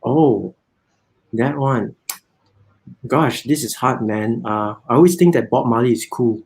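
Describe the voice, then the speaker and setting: Rambling husky Malaysian guest. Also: male voice, mid-range voice, unhurried, a little mellow, low-quality recording. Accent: Malaysian English. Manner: rambling, many restarts and "I mean to say". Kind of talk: casual live interview chat.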